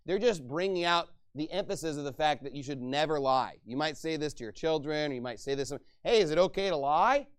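A pastor delivering a sermon in a conversational style, tagging points with "okay?" and bursting into loud, emphatic peaks. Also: male voice, fairly high pitch, fairly quick, hardly any pauses, clean tone. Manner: conversational asides with frequent "okay?" and "right?".

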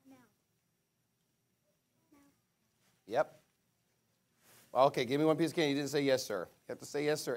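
A man preaching a sermon as pastor, playing a call-and-response game with children and talking playfully to the congregation. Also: fairly high pitch. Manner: lively, playful with kids, calls out to the crowd.

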